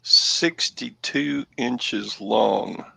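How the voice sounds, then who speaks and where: Gravelly man, slow and wry. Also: mid-range voice, sharp tone. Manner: wry, self-mocking. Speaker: show co-host. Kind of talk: casual chat.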